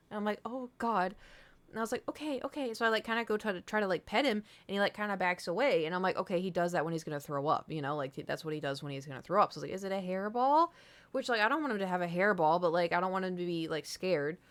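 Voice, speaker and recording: A fast-talking woman streamer with a medium-pitched voice rambles casually to viewers through a lengthy story. It's loaded with fillers and candid, profane language.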